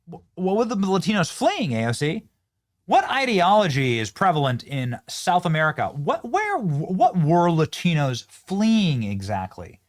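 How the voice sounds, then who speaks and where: A man hosting a political show, reacting to clips with sarcastic, scornful commentary that jumps from loud jeers to low mutters. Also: wildly swooping pitch, unhurried.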